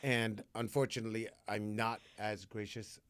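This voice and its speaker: A man hosting a candid podcast conversation, his voice sitting low as he tells his story with blunt, profane directness. The sound is close and dry, with no room around it. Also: little pitch movement, normal speed, clear, resonant tone, no room sound. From New Jersey. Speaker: podcast host. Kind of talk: candid recovery podcast talk.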